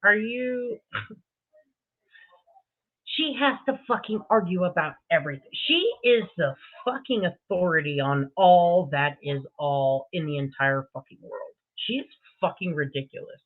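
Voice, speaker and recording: A livestream host chats casually and profanely and greets viewers by name. The voice sits at a middle pitch. The audio is thin and tinny, like a phone line. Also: lively intonation, measured pace.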